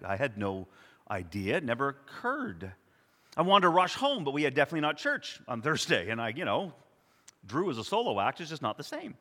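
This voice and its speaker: A man in his sixties preaching a sermon, telling personal stories in an earnest, reflective way with soft pauses. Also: on the high side, long reverb tail. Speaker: pastor.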